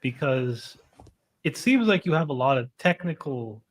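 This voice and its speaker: A man's voice: medium pitch, expressive, a little slow, rough recording. A man hosting an interview, asking thoughtful, hedging questions. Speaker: host.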